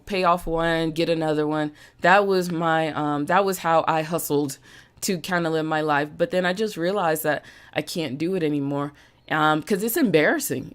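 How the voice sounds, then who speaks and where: A woman hosting a live-streamed motivational talk, emphatic and repeating phrases for emphasis, with an occasional cough. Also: deep voice. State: coughing now and then. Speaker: podcast host and business coach.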